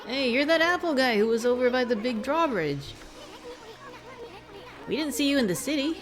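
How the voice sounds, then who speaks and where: A woman's voice: high-pitched, animated, moderate pace, voice pushed up. A woman voicing a tiny, cheeky male sprite with a brash, teasing manner, reading game dialogue aloud.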